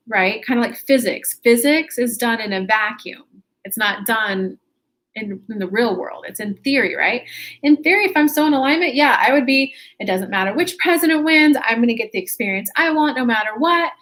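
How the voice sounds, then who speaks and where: Her voice high and fairly bright, a woman talks to viewers from her computer while hosting a casual spiritual livestream, staying chatty and upbeat with laughter and self-corrections.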